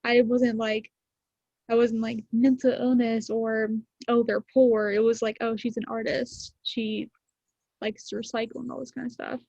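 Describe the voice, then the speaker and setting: A woman's voice: a little high, little pitch movement, moderate pace, gravelly, warm tone, no room sound. A teenage girl on a video call, talking casually about a book with classmates, with lots of fillers. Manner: chatty, many fillers. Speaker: student in book discussion. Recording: dull lo-fi video call audio.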